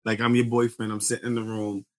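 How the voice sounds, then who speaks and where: A man's voice: fairly low pitch, level tone, fast, no room sound. A man in a casual podcast chat, rambling with slang and profanity.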